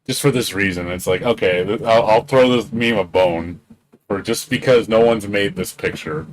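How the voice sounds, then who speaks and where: Low-voiced guy streaming games, rambling and hyped, swears a lot, bit of hiss in the background. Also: unhurried. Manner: rambling, excitable, swears freely, laughs often. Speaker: game streamer. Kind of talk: casual live-stream chat.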